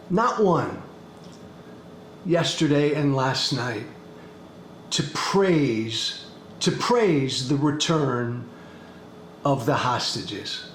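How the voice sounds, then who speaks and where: A man hosting a political commentary podcast, speaking in an emphatic monologue that hammers the same points again and again, with blunt profanity. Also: a little high. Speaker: podcast host. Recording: echoey room with faint background noise.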